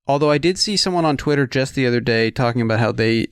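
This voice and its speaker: Guy hosting a podcast, self-deprecating jokes, dry close sound, average pitch. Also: fast talker, smooth, no echo. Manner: jokey, self-deprecating, rambling asides. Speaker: podcast host. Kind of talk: casual chat.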